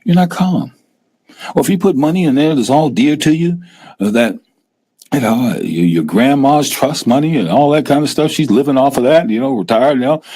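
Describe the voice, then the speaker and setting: Husky-voiced man hosting a live show. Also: mid-range voice, normal speed. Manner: animated, acts out scared investors in a raised voice. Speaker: host. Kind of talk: casual live-stream talk.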